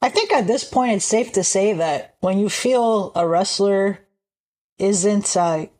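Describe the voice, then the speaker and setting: A woman co-hosting a podcast, chatting casually and pausing on fillers as she gives her picks. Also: medium pitch, darkish tone. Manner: thoughtful, hesitant with fillers. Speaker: podcast co-host. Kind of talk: casual chat.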